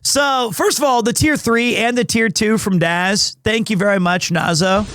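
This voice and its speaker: A man live-streaming from home, chatting casually with his viewers in a rambling, excitable, self-deprecating way. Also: high-pitched, normal speed, a little hiss or hum.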